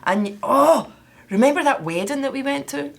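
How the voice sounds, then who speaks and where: A woman's voice: high voice, lively intonation, moderate pace. A Scottish woman hosting a casual chat, chatty and teasing. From Scotland. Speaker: host. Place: indoors, at home.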